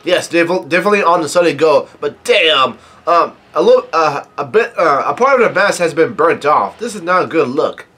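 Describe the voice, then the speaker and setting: A man casually reading through and reacting to a manga chapter, halting often with fillers and restarts. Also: a little high, slightly rough. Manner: reads quoted dialogue flatly without acting.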